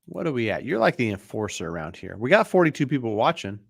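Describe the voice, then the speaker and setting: A man hosting a live mortgage Q&A stream, talking in a relaxed, chatty way with lots of fillers and restarts, sounding tired. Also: medium pitch, fast talker, vocal fry, dry recording, clean studio sound. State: tired, yawning.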